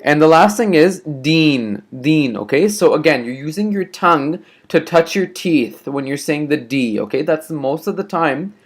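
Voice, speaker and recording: A man teaching a classroom lesson, patient and careful, repeating words slowly and checking in often with short questions. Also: on the high side, animated.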